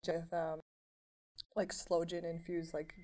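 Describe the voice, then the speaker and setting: Woman from Wisconsin, band member, rambling and animated, slightly low voice. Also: slow. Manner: rambling, animated storyteller with many fillers. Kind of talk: casual radio interview chat.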